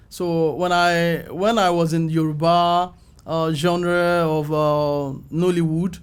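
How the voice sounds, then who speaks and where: A middle-aged Nigerian man tells his story with a fairly high voice. He acts out the people in his story, and his voice jumps up whenever he quotes someone. He sounds like a guest sharing his career in an interview. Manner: animated, acts out calls and quotes with rising pitch. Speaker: film makeup artist, guest.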